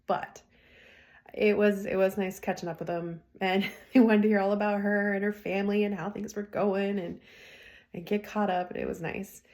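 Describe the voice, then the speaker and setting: A woman's voice: medium pitch, level tone, normal speed, a little mellow. A woman hosting a podcast, telling stories in a chatty way, laughing often and acting out what people said. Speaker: podcast host. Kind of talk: casual storytelling.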